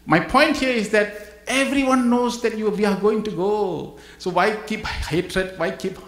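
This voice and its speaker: A man giving an animated spiritual talk to a live audience, acting out little scenes and chuckling often. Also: high voice, unhurried. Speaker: guest speaker at a spiritual gathering. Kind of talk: spiritual talk with humorous anecdotes. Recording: roomy hall echo.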